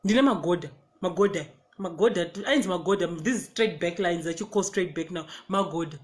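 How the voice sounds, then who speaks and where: A woman with a Zimbabwean accent tells a personal story in a casual, animated way and acts out the quotes. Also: fairly low pitch, fairly quick, roomy sound. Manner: animated, switches between English and Shona, acts out quotes. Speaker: storyteller vlogger.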